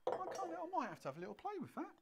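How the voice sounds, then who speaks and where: A woman's voice: high-pitched, wildly swooping pitch, racing, a loud crowd. A woman hosting a live cocktail show, chatting and joking easily and laughing often. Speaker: host and cocktail instructor. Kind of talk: casual live-stream chat.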